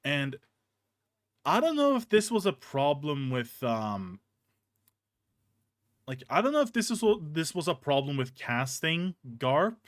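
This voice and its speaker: A man's voice: fairly high pitch, measured pace, long pauses, no room sound, studio quality. A young man streaming, ranting casually and profanely with many restarts, in a hot room with a fan on. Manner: animated, profane, rambling with restarts.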